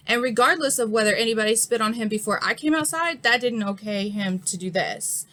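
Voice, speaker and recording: A woman's voice: fairly high pitch, brisk, few pauses, fairly bright tone. A woman in her thirties with an injured, swollen eye, frankly retelling an incident in a casual vlog. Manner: frank, heated retelling with many fillers. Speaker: vlogger. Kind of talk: casual storytime monologue.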